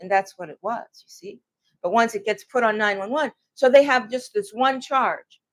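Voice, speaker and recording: A woman recounting her own hard experiences in a personal, emotional way, with halting restarts. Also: fairly high pitch. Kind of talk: personal account to camera.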